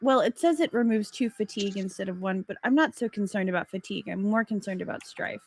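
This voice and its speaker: A woman's voice: medium pitch, fast talker, slight background noise. A woman playing a tabletop role-playing game, giggling, swearing and thinking aloud over the rules. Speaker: player.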